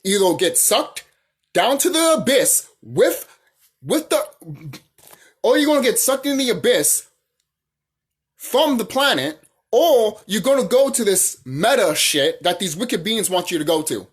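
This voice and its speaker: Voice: medium pitch, very animated, a little slow, breathy edge. A channel host ranting in a casual monologue, profane and heated, repeating phrases and firing off rhetorical questions.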